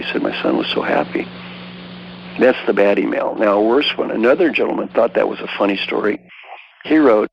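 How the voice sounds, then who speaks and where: Gravelly older man telling punchy stories. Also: lowish voice, dull audio, slight background noise. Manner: emphatic, quotes people in lively voices. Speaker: guest executive coach. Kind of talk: storytelling interview talk.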